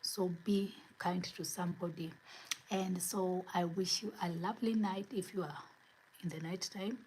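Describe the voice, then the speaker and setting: A woman giving an earnest spiritual motivational talk as host, asking repeated rhetorical questions, her words often trailing into soft breathy whispers. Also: on the low side, fairly even intonation, moderate pace, slight background noise, poor audio.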